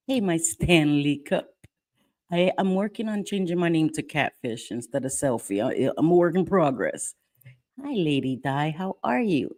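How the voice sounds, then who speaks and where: A woman's voice: lowish voice, animated, measured pace, a little mellow. A middle-aged woman of Puerto Rican heritage hosting a casual live stream at home, chatting, greeting viewers by name and keeping her voice down.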